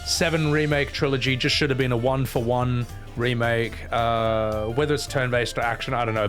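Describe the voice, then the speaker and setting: A male streamer giving casual, ranting game commentary at a middle pitch. His tone is sarcastic and he swears freely as he complains about the series. He talks straight to his chat.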